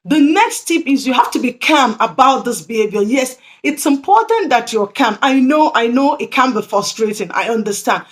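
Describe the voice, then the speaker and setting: A woman's voice: on the high side, lively intonation, moderate pace, few pauses. A woman presenting tips to early childhood educators, earnest and repeating her key points. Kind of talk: instructional talk to camera.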